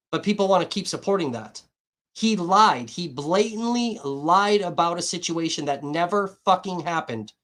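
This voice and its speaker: A man's voice: on the high side, fairly bright tone. A man hosting a livestream, ranting bluntly and abrasively with heavy swearing. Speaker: livestream host. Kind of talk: heated livestream rant.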